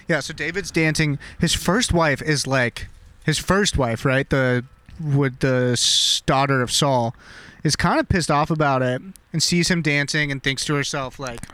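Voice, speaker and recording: A man's voice: on the high side, a bit bright. A young man casually retelling a story with slang and swearing, laughing and acting out the characters. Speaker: podcast host retelling a story.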